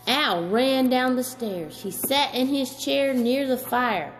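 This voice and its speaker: A woman reads a children's story aloud as the storyteller, gentle and slow, pausing to chat with a child. Her voice sits high, and soft music plays in the background.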